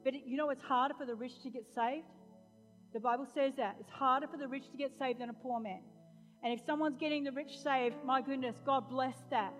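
Woman pastor, high-pitched, sermon in a reverberant church hall with faint music behind. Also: fairly even intonation, a little fast. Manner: preaching, swinging from loud proclamation to chatty storytelling.

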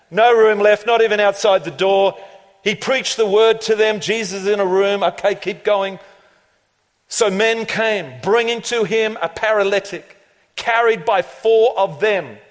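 A man preaching a lively, joking sermon as pastor of a church, laughing often and building to loud climaxes. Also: sits high. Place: church auditorium. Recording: long reverb of a large hall.

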